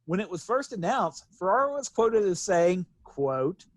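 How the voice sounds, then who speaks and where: High-voiced podcast man, dry sound. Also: big pitch swings, measured pace, no room sound. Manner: laughs often, reads quotes aloud. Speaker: podcast co-host. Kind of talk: casual chat.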